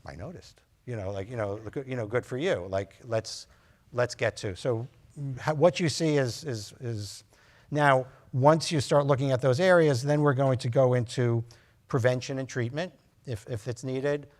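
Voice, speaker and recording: A man's voice: medium pitch, normal speed, darkish tone. Chatty man giving a loose medical lecture. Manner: loose and anecdotal, full of fillers, acts out patient dialogue. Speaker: physician lecturer. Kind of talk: conversational lecture to nurse practitioners.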